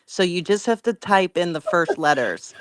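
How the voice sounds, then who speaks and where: A woman's voice: fairly low pitch, lively intonation, moderate pace. A woman co-hosting a live stream, chatting with enthusiasm in a casual way.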